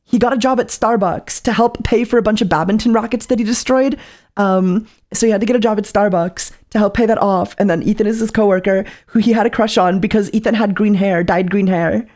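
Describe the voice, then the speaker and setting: A woman's voice: medium pitch, fairly even intonation, fairly quick, a little mellow. A woman streamer reacting to a video, talking casually and leaning on "like" and "right?". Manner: chatty, full of "like" and "right?".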